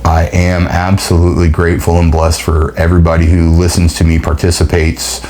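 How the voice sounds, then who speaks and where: A man hosting his own podcast, speaking in an emotional, heartfelt motivational monologue, halting and restarting as he nears tears. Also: deep voice, monotone, a little mellow, a little hiss or hum. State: near tears. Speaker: podcast host.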